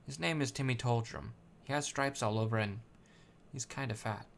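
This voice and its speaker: A man reading the lines of a polite, earnest young boy in a quiet, plain voice. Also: medium pitch, moderate pace, gravelly, slight background noise, close to an everyday voice.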